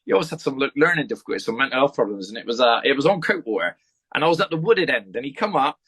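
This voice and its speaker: A man chatting as a podcast guest, telling rambling, animated stories with the odd swear word. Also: mid-range voice, rapid-fire, breathy edge. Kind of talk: casual chat.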